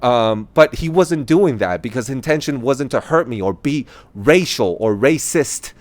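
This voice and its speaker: A man talking casually to the camera, with a voice of ordinary pitch. His delivery is animated, with laughs and sudden higher-pitched quoted lines mixed into a loose, restarting flow of thoughts. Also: unhurried. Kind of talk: casual opinion monologue.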